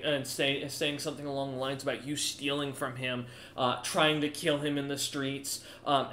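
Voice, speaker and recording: A man's voice: medium pitch, fairly bright tone, roomy sound, a little hiss or hum. A man running a tabletop game as game master, narrating in a rambling way full of restarts.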